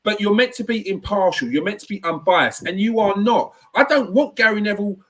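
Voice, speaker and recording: A man's voice: high-pitched, fairly quick, a bit bright. A man hosting a casual football reaction chat, talking in an opinionated, ranty way. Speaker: fan channel host.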